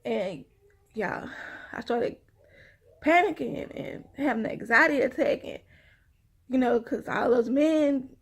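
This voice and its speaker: A woman's voice: high voice, takes it slowly, pauses often, breathy edge. A woman telling a rambling personal story to her viewers, sighing often and calling them y'all. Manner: chatty, addresses viewers as y'all, sighs often. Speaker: vlogger.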